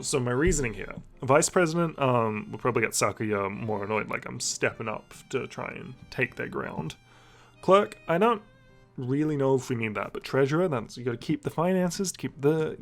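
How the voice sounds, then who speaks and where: A let's player giving casual gameplay commentary in a chatty, wry way, thinking out loud. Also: mid-range voice, vocal fry. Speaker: let's play host. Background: faint game music.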